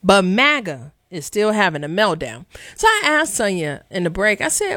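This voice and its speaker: A woman's voice: medium pitch, sing-song, normal speed, a bit bright, dry recording, studio quality. A woman hosting a radio talk show, chatting conversationally and speaking directly to listeners. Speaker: radio host. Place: radio studio. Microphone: studio microphone.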